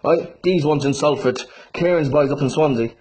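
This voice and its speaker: A man's voice: a little high, normal speed, a little mellow, husky. A man delivering a taunting, swearing call-out rant at a rival fighter, tagging his lines with "right?" and "yeah?". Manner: insulting, swearing, constant "right?" and "yeah?" tags. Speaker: bare-knuckle fighter issuing a challenge.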